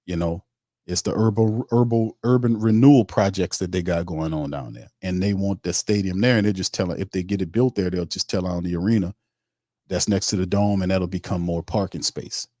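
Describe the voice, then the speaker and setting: Deep-voiced new dude ranting on his sports stream, slangy and blunt, reads chat out loud, dry close sound. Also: brisk, no echo. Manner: blunt, animated, rants with profanity and slang; reads viewer chat comments aloud. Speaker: sports podcast host. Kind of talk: casual livestream commentary.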